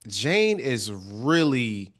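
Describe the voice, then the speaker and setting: A man co-hosting a casual TV recap podcast, talking in an animated way with frequent restarts and repeated words. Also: medium pitch, extremely slow. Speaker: podcast co-host.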